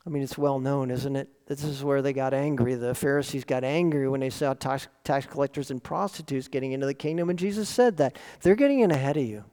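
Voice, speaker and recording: A man's voice: a little high, moderate pace. Earnest male pastor preaching in a hall. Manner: earnest, lively, asks rhetorical questions. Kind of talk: sermon. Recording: long reverb of a large hall.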